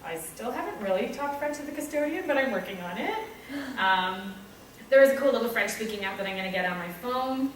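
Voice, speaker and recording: A woman's voice: on the high side, lively intonation, a little fast, a little hiss or hum. A woman teacher with a Canadian English accent reflects on her own teaching practice in a candid, self-deprecating way, acting out little asides. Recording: echoey room, speaker far from mic, faint ambience.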